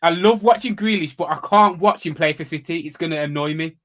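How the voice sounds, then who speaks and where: Slightly high-voiced man co-hosting football chat. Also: fairly quick, a bit bright. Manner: agreeable, hedging, asks what-if questions. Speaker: podcast co-host. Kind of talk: casual live football chat.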